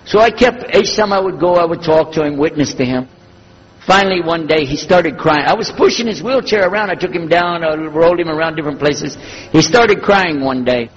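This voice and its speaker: Husky older man, echoing hall. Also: fairly high pitch, fairly quick. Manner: animated, acts out dialogue in the story. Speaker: former preacher telling his story. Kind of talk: storytelling talk. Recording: lo-fi recording in a reverberant hall.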